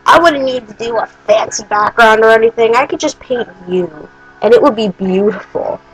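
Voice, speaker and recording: A woman quoting a creepy, overly flattering man in a slow, halting, fawning way. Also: a little high, slightly rough, rough recording.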